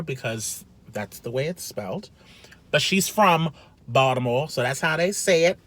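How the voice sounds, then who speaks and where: A man chatting casually while eating, a food vlogger with an animated, sassy way of talking, recorded in a parked car. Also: a little high, normal speed, no echo. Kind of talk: casual mukbang chat.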